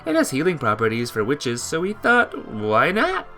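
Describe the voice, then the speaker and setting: A man voicing a calm, kindly young female witch, reading game dialogue in a gentle, reasoning way. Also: a little high, moderate pace, soft background music, voice pushed up, heavily acted. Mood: explaining. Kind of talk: game dialogue read aloud.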